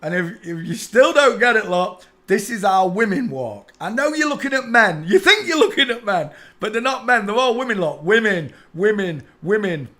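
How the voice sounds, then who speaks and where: A man rants casually in a high voice, mocking and bursting into laughter. His pitch jumps around animatedly, and he repeats short phrases like a chant. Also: very animated, moderate pace, hardly any pauses, sharp tone. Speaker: online commentator. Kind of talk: casual mocking rant over pictures.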